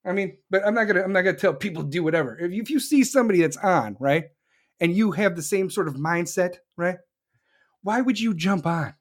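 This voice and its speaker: A man's voice: high-pitched, animated, a little fast. A man hosting his own podcast, venting in an angry, profane, combative rant and answering live listeners as he goes. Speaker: podcast host. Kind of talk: solo political rant podcast.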